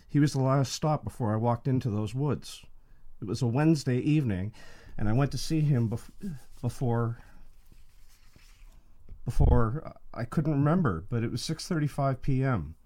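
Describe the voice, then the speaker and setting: A man reads a first-person story aloud in a somber, reflective manner. His voice is mellow and warm. The pitch is mid-range for a man. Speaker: narrator.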